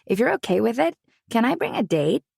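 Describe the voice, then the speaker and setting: A woman's voice: on the high side, very animated, brisk, gravelly, a little mellow, slightly rough, no room sound, clean studio sound, voice pushed up, heavily acted. A woman voicing an affectionate, playful male hairstylist friend in an audiobook.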